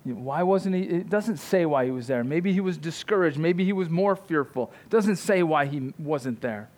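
A man's voice: on the high side, animated, moderate pace, a little mellow. A man preaching a sermon, fervent and emphatic, often repeating words and tagging his points with "right?". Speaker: pastor.

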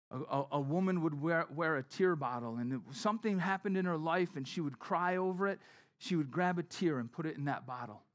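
Male preacher, conversational sermon storytelling, slightly high pitch, hushed at times. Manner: conversational storytelling, often dropping to a soft, hushed tone.

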